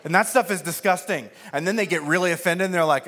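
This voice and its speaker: A man with a high voice gives a sermon as pastor. He tells a comic story about himself and acts out the other people's lines along the way. His delivery is lively and self-deprecating. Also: fast talker, hardly any pauses. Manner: animated, self-mocking, acts out quoted voices.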